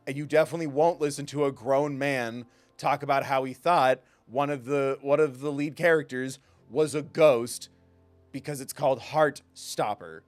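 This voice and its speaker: A man's voice: medium pitch, fairly even intonation, normal speed, soft background music. A man streaming a video game live, chatting with his viewers in a playful, self-mocking way and laughing often. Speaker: gaming streamer. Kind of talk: casual live-stream commentary.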